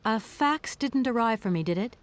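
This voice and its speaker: An actress playing a composed young female lawyer in a game, speaking in a polite, measured, professional way. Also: a little high, animated, natural voice. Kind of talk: game voice acting.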